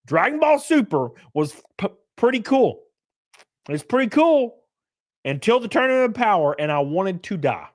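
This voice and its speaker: A man in his thirties hosting a livestream, ranting loudly and profanely in casual chat, laughing between rants. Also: sits high, very animated, moderate pace. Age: 30s. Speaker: livestream host.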